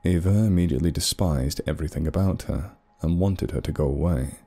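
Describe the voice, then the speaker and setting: A man narrating a dramatic story in a measured storytelling voice. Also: very deep voice, mellow, slightly rough.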